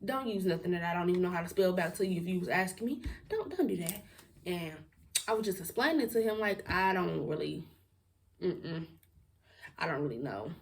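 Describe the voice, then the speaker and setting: A woman's voice: lowish voice, expressive, brisk, distant mic. A young woman telling a storytime to her viewers in a casual, blunt, outspoken way, laughing and swearing as she goes. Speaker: storytime vlogger.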